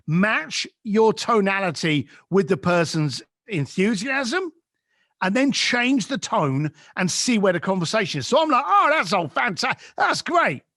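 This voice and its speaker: Lively man telling a story. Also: no echo, studio quality. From East London, England. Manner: acts out quoted voices, swings pitch and volume. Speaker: podcast guest. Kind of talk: animated storytelling.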